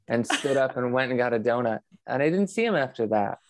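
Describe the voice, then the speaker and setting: A man's voice: mid-range voice, animated, a little fast. A man talking as a podcast guest about meditation, reflective and earnest, with frequent fillers and restarts. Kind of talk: relaxed interview conversation.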